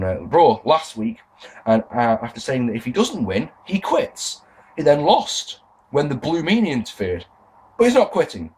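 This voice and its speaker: A man talking through a review in a casual monologue, sarcastic and easily exasperated. His pitch swings widely as he talks, from dry asides to bursts of disbelief, while his voice stays at a middling height. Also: low-quality recording. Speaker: wrestling review podcast host.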